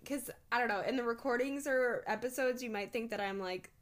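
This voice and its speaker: Young woman co-host, fairly high voice, rambly, swears a lot, laughs easily. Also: fairly quick, fairly bright tone. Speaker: podcast co-host. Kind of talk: casual storytelling chat.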